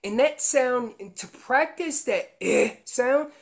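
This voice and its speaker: A man's voice: very high voice, lively intonation, takes it slowly, gravelly. A man explaining how to make an elk call, teaching in an earnest way and often repeating words as he goes. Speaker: elk calling instructor.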